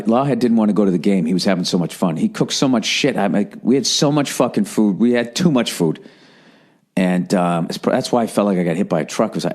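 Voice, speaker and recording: A man's voice: low-pitched, a little mellow. A middle-aged man with a Boston accent hosting his own podcast, telling a story in a rambling, profane, casual monologue. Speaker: podcast host.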